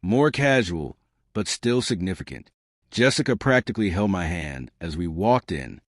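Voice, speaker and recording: A man narrating a scripted first-person story with wry, deadpan delivery. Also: low-pitched, moderate pace, dry recording, studio quality.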